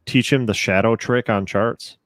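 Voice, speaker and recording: A young man with a very deep voice hosts a laid-back stock-market livestream, joking and laughing easily. The sound is close and dry, with no room echo. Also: steady tone, normal speed. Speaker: show host.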